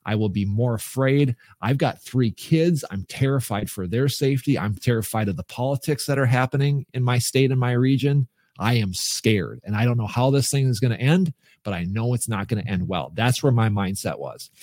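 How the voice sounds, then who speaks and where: A man's voice: mid-range voice, normal speed, a little mellow, no room sound, studio quality. A middle-aged man, a podcast guest, telling his personal story in an earnest, emphatic way with frequent restarts.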